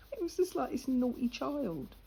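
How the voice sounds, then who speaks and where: A woman's voice: high voice, vocal fry, darkish tone, a little hiss or hum, low-quality recording. An older woman, chatting casually and laughing as she tells a story while colouring.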